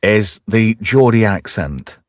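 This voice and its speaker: An English man doing crude, sweary podcast banter, mocking people and breaking into silly voices. His pitch swings all over the place, and the recording is close and dry. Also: lively intonation, slow pace, no echo. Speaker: podcast co-host.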